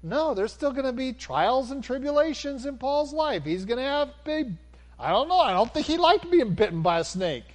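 A man preaching a sermon, animated, swinging from near-shouts down to a calm, low delivery. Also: normal speed.

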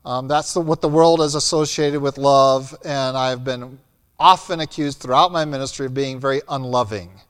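A man preaching a sermon as pastor, blunt and emphatic, swinging between loud and soft. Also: medium pitch, fairly even intonation, moderate pace, clean tone. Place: church hall. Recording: long hall reverb.

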